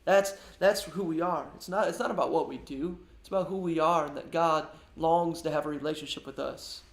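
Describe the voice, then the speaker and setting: Guy pastor preaching a devotional, kinda high voice with gravel in it, keeps repeating himself, roomy echo. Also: fairly quick. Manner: earnest, repeats words and restarts often. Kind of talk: devotional sermon.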